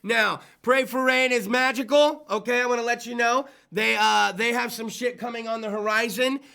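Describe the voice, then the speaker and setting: Hyped, high, gravelly talk show host. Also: male voice, steady tone, normal speed, bright, forceful tone. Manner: rambling, hyped, swears freely, slips into goofy low voices. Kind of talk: loose, profane live call-in show banter. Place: small talk show studio.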